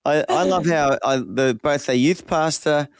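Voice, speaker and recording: A man's voice: a little high, measured pace, no echo, clean studio sound. A man hosting a podcast interview, offering thoughtful, affirming reflections on his guest's story. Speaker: podcast host. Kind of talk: casual interview chat.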